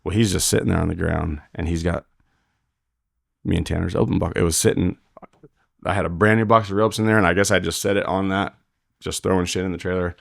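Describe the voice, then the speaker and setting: A man's voice: sits low, fairly even intonation, fairly quick, gravelly, no room sound, clean studio sound. A man who is a rodeo roper and father, a podcast guest telling blunt, profane stories full of quoted dialogue in a casual interview.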